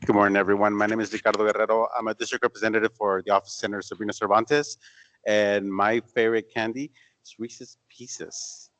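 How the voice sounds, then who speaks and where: A man who is a district representative, introducing himself briskly and in a friendly way at a meeting. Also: lowish voice, flat delivery, a bit bright, dry recording, poor audio. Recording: faint background noise.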